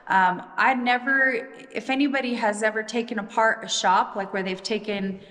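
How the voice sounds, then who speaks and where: A woman's voice: fairly high pitch, fairly even intonation, moderate pace, fairly bright tone. A woman vlogging in casual chat about her workshop project, talking in a chatty, enthusiastic way. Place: unfinished shop building. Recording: echoey roomy shop with long reverb.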